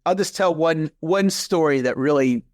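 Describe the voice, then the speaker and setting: An earnest man in his fifties speaks as a guest in a conversational interview, with a somewhat high voice. His sound is dry and close, with no room around it. He repeats his key points and grows animated when he retells a scene. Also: moderate pace, dry recording. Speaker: podcast guest, coach.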